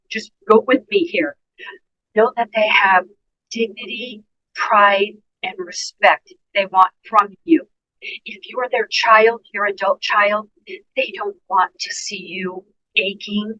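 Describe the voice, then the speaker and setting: A woman's voice: mid-range voice, fairly even intonation, takes it slowly, a bit bright. Earnest nurse lady on a podcast, talks straight to you, kinda dull lo-fi sound. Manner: earnest, emphatic, addresses listeners directly. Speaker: guest nurse and dementia care educator. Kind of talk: podcast interview, giving advice.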